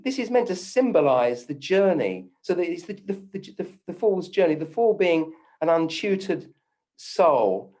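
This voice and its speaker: A man recounts events to an audience, his pitch rising and falling in a lively way and sitting a little high for a man. He acts out the voices of people he quotes. He often pauses on "um" and restarts his sentences. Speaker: doctor giving a talk. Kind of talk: personal storytelling talk.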